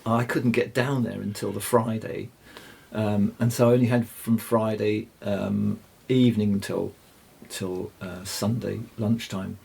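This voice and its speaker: An older man, telling rambling fishing stories as a guest, halting and restarting often. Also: on the low side, level tone, a little mellow. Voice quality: gravelly, husky. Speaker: guest angler. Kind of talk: anecdotal storytelling.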